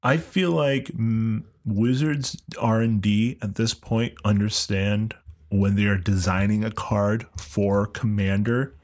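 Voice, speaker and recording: A man co-hosting a casual podcast, nasal and congested with a cold, talking haltingly with lots of fillers and laughs. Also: on the low side, fairly even intonation, a little mellow. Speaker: podcast co-host.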